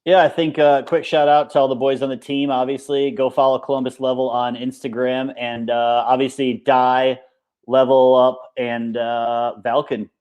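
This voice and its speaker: A man guest on an interview show, talking about his sport in a loose, rambling way. He leans on fillers like "like" and "I mean" and often restarts his sentences. His pitch is mid-range. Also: little pitch movement, normal speed, a little mellow, clear, resonant tone. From United States. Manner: rambling, filler-heavy, repeats words. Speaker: guest, paintball coach. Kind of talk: casual interview chat.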